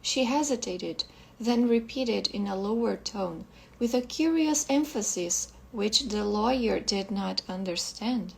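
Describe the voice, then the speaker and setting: Slow, gravelly woman reading a story. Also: mid-range voice, lively intonation, low-quality recording. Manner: slow, careful reading with occasional restarts. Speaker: English teacher. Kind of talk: reading a short story aloud.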